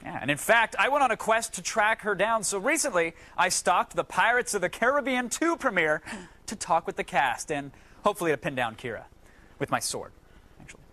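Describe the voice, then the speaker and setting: A man's voice: high voice, big pitch swings, brisk, sharp tone. A man hosting a TV show with goofy, hammy patter and mock-dramatic narration. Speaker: TV host.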